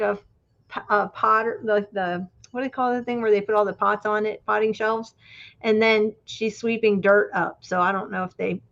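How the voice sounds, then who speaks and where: A woman's voice: a little high, creaky. A woman co-hosting a casual craft livestream, talking in a rambling, storytelling way. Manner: chatty, rambling storyteller with laughs. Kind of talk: casual chat. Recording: dull lo-fi livestream audio.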